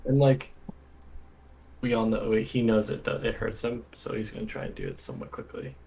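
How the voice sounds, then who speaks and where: A man playing a tabletop game, talking in a halting, self-deprecating way as he describes his character's actions. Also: fairly low pitch, huge pitch swings, gravelly, dark tone, husky. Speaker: player. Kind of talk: casual tabletop game chat.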